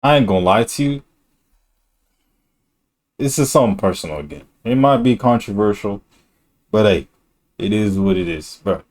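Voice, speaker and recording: A man's voice: fairly low pitch, lively intonation, moderate pace, pauses often, a little mellow. Man, streamer, casual reaction talk, slangy, blunt, rambling.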